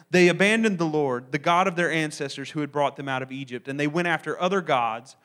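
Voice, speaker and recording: Bright, high-voiced man preaching. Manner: conversational, earnest, animated asides. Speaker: pastor. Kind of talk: sermon.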